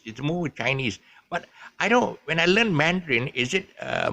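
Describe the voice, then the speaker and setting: A man's voice: mid-range voice, sing-song, normal speed, vocal fry, pushed and bright, dry recording. A man with a Malaysian English accent, chatting casually and rambling through his explanations with many ums and restarts, adding jokes. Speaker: vlogger. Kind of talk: casual monologue explaining local slang.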